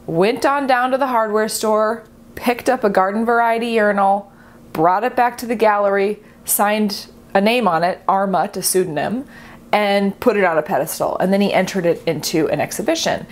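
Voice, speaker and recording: A woman's voice: medium pitch, normal speed. A young woman who is an artist, explaining art history in a chatty, playful, self-mocking way. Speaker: artist and video host.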